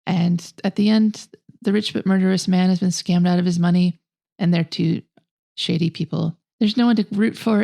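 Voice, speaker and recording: A woman co-hosts a casual film review podcast, delivering blunt, scathing verdicts. Her voice is mellow and dark in tone, with a noticeable gravelly fry running through it. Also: lowish voice. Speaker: podcast co-host.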